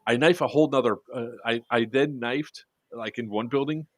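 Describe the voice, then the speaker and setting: Male storyteller for podcast chat, animated, acts out quotes, swears freely, mid-pitched, dry close sound. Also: moderate pace, dry recording. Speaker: airsoft podcast speaker.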